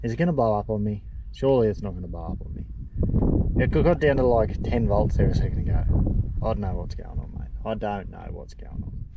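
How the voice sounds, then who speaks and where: A man's voice: on the low side, expressive, a little fast, vocal fry, dull audio, background noise. Chatty Australian man on a road trip. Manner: chatty and laid-back, slang-heavy, calls viewers mate. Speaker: travel vlogger. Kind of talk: casual vlog chat to camera. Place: outdoors and in a car on a road trip.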